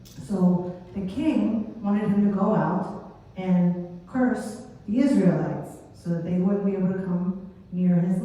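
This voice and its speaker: A woman teaching a children's Sunday lesson, telling a Bible story in a chatty, animated way. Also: on the low side. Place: church hall. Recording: echoey hall from far off.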